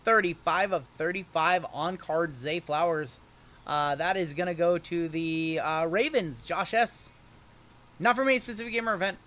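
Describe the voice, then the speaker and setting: A young man hosting a live-streamed card break, joking and hyping each pull in rapid running banter. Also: a little high, fairly bright tone.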